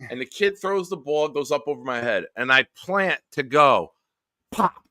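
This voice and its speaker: A man hosting a late-night live stream hangout, telling stories in a profane, animated way. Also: on the high side, moderate pace, dry recording, studio quality. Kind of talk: casual late-night storytelling.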